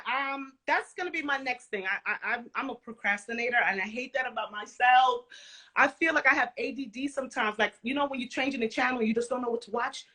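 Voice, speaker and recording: A woman with a somewhat high, bright voice tells lively stories in a casual interview. She laughs easily and talks in casual slang, with lots of energy in her delivery. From Caribbean and Central American family background. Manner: animated storytelling, laughs often, casual slang. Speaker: guest, former music video dancer.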